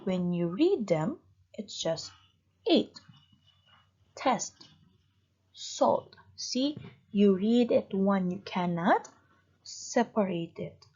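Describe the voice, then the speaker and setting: A woman teaching a young class, speaking slowly and patiently and stretching out words as she models them. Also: mid-range voice, lively intonation, mellow, highs cut off. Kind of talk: recorded grade-school lesson.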